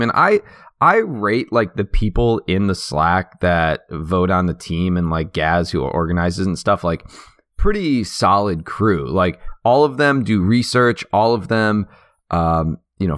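This podcast co-host has a lowish, fairly bright voice, captured in a clean, dry studio recording. He muses out loud about fantasy football in a relaxed chat, using lots of fillers.

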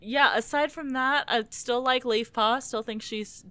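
Bright-voiced woman chatting casually. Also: fairly high pitch, a little slow, clear, resonant tone. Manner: chatty, hedging, frequent "like" and "um". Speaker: podcast co-host. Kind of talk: casual book discussion.

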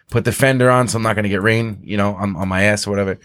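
Man, podcast co-host, profane, rambling, quick delivery, dry close sound. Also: fairly low pitch, no echo. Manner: profane, rambling, animated storyteller. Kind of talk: casual podcast storytelling.

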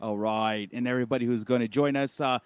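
A man's voice: medium pitch, fairly even intonation, quick pace, clear, resonant tone, dry recording. A man hosting a live podcast in casual chat, rambling loosely and laughing often. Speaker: podcast co-host.

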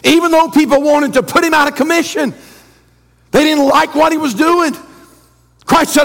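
Fervent high-voiced male preacher. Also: fairly even intonation, normal speed, long pauses. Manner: fervent, building to shouted refrains; reads scripture in King James wording. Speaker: pastor. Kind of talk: sermon.

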